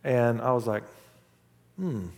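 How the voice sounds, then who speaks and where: A medium-pitched, slightly mellow male voice at a moderate pace echoes through a large hall. He's a pastor in his forties preaching a sermon in a church sanctuary, opening with a casual personal story before building into fervent preaching.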